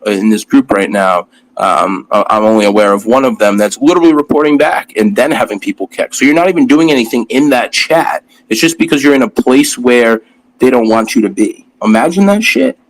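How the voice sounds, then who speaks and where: A man's voice: fairly low pitch, poor audio. A man in a casual group voice chat, rambling with frustration and lots of fillers. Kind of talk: casual ranting discussion.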